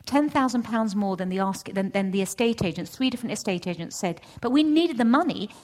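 Animated woman telling a story. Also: a little fast. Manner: animated storytelling, acts out voices with big pitch jumps. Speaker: church speaker. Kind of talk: testimony sermon.

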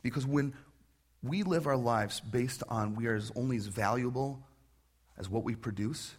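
A man preaching a sermon in a conversational, animated way, full of questions. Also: medium pitch, slightly rough. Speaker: pastor.

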